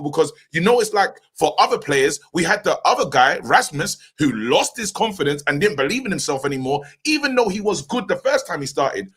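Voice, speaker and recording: A man's voice: on the high side, sing-song, fairly quick, few pauses, a bit bright, breathy edge. A man ranting with passion as a football pundit in a heated casual panel debate.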